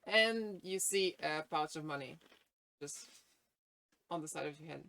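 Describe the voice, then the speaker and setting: A woman runs a tabletop role-playing session as its game master, her voice sitting a little low. She talks in a hesitant, halting way and pauses often on fillers. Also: pushed and bright, low-quality recording. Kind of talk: narrating a tabletop game, voicing a shopkeeper.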